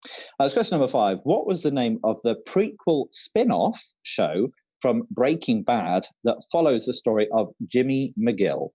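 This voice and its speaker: A man's voice: mid-range voice, sing-song, moderate pace, warm tone, husky, dull audio. A man co-hosting an online quiz, reading each question twice and chatting between them. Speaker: quiz co-host.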